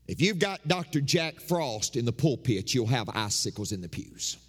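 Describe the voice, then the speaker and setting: A man's voice: medium pitch, very animated, moderate pace, husky. A man preaching a sermon as pastor, emphatic and repeating his phrases for effect. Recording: long hall reverb.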